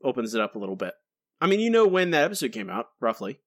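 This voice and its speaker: A man's voice: medium pitch, big pitch swings, racing, no room sound, clean studio sound. A man co-hosting a podcast in casual chat, jokey and self-deprecating. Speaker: podcast co-host.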